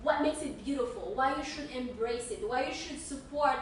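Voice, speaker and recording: High-voiced woman, echoey distant mic. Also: normal speed, a little hiss or hum. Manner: emphatic and encouraging, repeats words when building a point. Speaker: podcast co-host. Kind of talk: casual podcast discussion.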